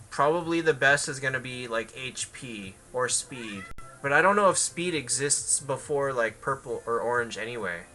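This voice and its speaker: A man's voice: mid-range voice, sharp tone. A man streaming a game and answering viewers in casual, hesitant chat full of fillers, with faint music behind.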